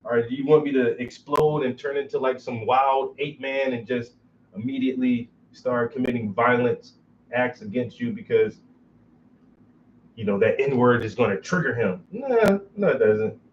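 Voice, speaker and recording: A man's voice: medium pitch, steady tone, moderate pace, slight background noise. A man hosting a casual chat, talking bluntly and profanely and laughing often. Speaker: host. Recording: dull, muffled recording.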